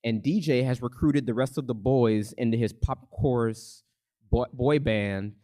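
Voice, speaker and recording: Male live storyteller, comic timing, middle-pitched, lively. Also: a little slow. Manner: lively, comic, building suspense. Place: theater stage, live.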